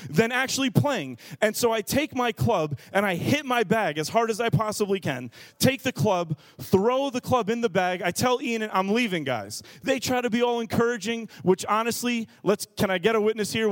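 A man in his thirties preaches with an animated, self-mocking storytelling manner. His voice sits high for a man and swings up as he gets worked up. The sound is close and dry. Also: moderate pace, few pauses, no echo. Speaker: pastor. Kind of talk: sermon storytelling.

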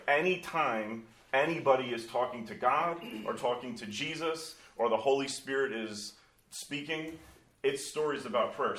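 A man's voice: mid-range voice, pushed and bright. A man leading a church breakfast group in casual teaching talk, chatty and given to joking asides. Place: large room at a church breakfast. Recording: echoey room from far off.

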